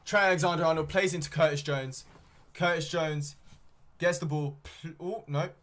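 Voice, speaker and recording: A man's voice: fairly high pitch, steady tone, moderate pace, fairly bright tone. A young man doing live fan play-by-play of a football match, rambling with frequent ums and self-corrections. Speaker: fan streamer commentating a match. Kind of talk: live fan watchalong commentary.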